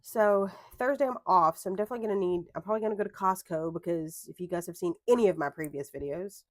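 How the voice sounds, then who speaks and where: A woman's voice: fairly low pitch, fast talker, no room sound, clean studio sound. A young adult woman chatting casually at a home craft desk, rambling into tangents and correcting herself as she goes. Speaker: planner vlogger. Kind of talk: casual chat while crafting.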